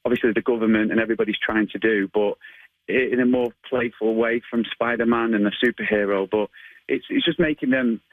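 A man's voice: fairly low pitch, steady tone, a little fast, no room sound, narrow, tinny audio. A man, a martial arts instructor chatting in an interview, friendly and rambling with many fillers. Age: 30s. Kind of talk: casual phone interview.

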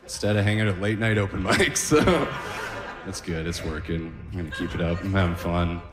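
Laid-back low-voiced man doing stand-up. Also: a little fast, roomy sound, music in the background. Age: 30s. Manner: laid-back deadpan delivery with chuckles. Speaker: stand-up comedian. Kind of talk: stand-up comedy set. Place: club stage at an open mic.

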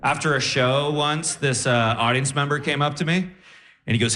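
A male stand-up comedian telling a story on a club stage and acting out his partner's sleep talk in animated bits. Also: mid-range voice, normal speed.

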